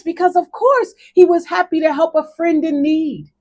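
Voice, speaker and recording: Casting: high-pitched middle-aged woman coach, emphatic and preachy, talking straight to viewers. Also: normal speed, hardly any pauses, darkish tone. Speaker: life coach. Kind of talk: motivational talk with a faith parable.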